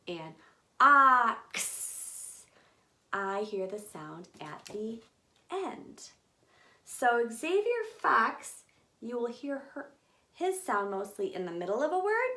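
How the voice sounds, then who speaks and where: With a mid-range voice, a woman hosts storytime for young children, talking straight to them as she reads a picture book in an animated, expressive way.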